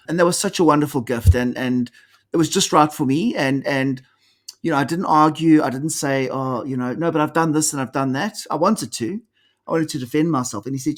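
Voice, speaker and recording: A man's voice: fairly high pitch, fairly quick. A middle-aged man from South Africa, an executive coach talking in an interview, telling stories animatedly and acting out the dialogue. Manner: animated storyteller, acts out quoted dialogue. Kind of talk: conversational interview storytelling.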